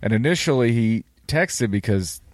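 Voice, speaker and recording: A man's voice: mid-range voice, expressive, normal speed, no room sound. A man co-hosting a casual podcast chat, blunt and swearing freely. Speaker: podcast co-host.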